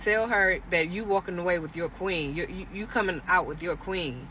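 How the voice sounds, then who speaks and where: Brief: woman retelling as a confrontational jealous ex, accusing tone, bright voice. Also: lowish voice, moderate pace, a little hiss or hum, poor audio. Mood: angry. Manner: heated, accusing. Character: angry jealous ex-girlfriend, confrontational.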